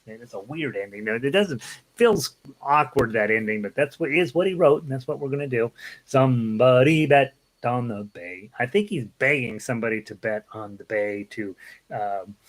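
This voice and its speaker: A man teaching a casual online ukulele lesson, relaxed and chatty, counting beats aloud and singing lines along as he plays. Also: mid-range voice, a little fast. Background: ukulele playing.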